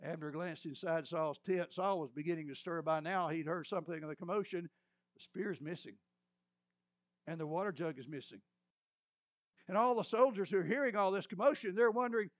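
A man preaching a sermon, retelling a Bible story with lively storytelling and joking asides. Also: high voice, brisk, no echo.

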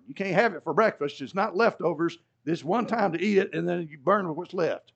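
A man's voice: sits high, brisk, creaky, few pauses, husky. A man preaching a sermon in a conversational way, with asides and dry humor, heard on a dull lo-fi recording. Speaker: pastor.

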